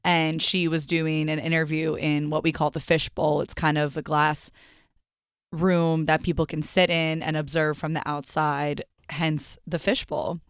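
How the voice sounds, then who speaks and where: Chatty young woman podcast host, smooth voice. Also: low-pitched, little pitch movement, unhurried, no room sound, clean studio sound. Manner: chatty, profane, storytelling with asides. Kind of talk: casual solo podcast monologue. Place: radio studio.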